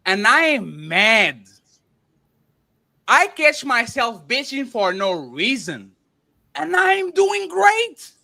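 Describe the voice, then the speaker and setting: A man's voice: extremely high pitch, wildly swooping pitch, slow pace, creaky, pauses often, pushed and bright. A man hosting a panel show, arguing heatedly, repeating names and words and talking over others.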